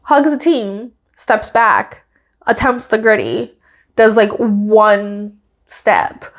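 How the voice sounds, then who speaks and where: A woman's voice: mid-range voice, animated, extremely slow. A woman hosting a podcast, talking in a casual, chatty, gossipy way. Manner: chatty and gossipy, many fillers, laughs at her own stories. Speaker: podcast host. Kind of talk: casual chat recapping a race.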